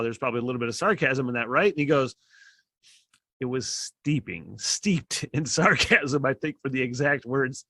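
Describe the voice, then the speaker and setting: Rambling, foul-mouthed podcast host. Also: male voice, a little high, bright, forceful tone, no room sound. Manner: profane, rambling storytelling with many fillers and laughs. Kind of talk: casual monologue. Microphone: podcast microphone.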